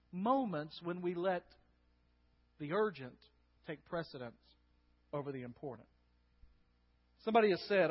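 High-voiced pastor in an echoey hall. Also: male voice. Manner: conversational, asking the crowd "right?". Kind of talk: sermon. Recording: dull lo-fi with long hall reverb.

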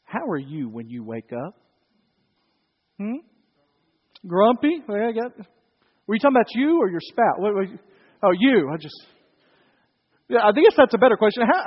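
High-voiced pastor preaching in a hall. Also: male voice, big pitch swings, normal speed, pauses often, breathy edge. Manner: conversational, joking with the congregation. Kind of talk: sermon. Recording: dull sound in a reverberant hall.

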